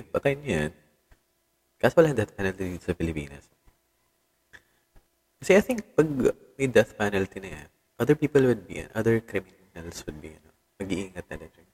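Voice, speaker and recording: A man's voice: fairly low pitch, very animated, fast, long pauses, a little mellow, husky, big-room sound. A Filipino man with a Filipino accent hosting a casual solo podcast, rambling, switching languages and swearing often as he reads the news. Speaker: podcast host.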